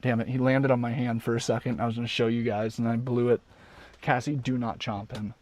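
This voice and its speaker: A man live-streaming from inside his van, chatting casually with viewers and his dog, excitable and swearing freely. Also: mid-range voice, fast talker. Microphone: desk mic.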